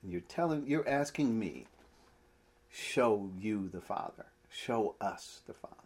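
A man's voice: fairly low pitch, animated, unhurried, pitched below the performer's own voice. A man voicing an exasperated male teacher who presses his doubting followers with emphatic, ad-libbed questions.

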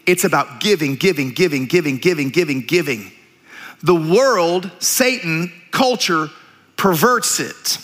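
A man preaching a sermon as pastor, telling stories with animated, jokey asides. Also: on the high side. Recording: reverberant church hall.

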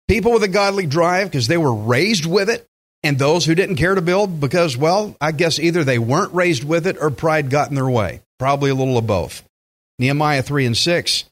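A pastor, preaching in a conversational style with joking asides. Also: male voice, fairly high pitch, expressive, moderate pace. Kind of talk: sermon.

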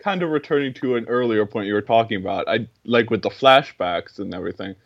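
Young man, low voice, dry muffled lo-fi mic, earnest rambling film talk. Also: fast talker, no room sound. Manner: earnest, rambling, many fillers and restarts. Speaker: film podcast co-host. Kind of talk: casual film discussion.

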